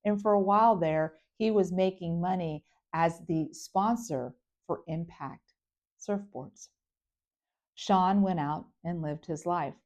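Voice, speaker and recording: A middle-aged woman from Florida delivers a personal story as a speaker. She talks in an animated, dramatic way, building moments with pauses and slipping into character voices. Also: on the low side.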